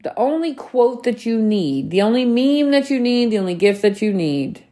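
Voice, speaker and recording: A woman's voice: a little high, expressive, moderate pace, dark tone. A woman in her thirties hosting her own podcast, talking earnestly and emphatically to listeners, repeating key phrases and swearing casually. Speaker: podcast host. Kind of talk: motivational solo podcast talk.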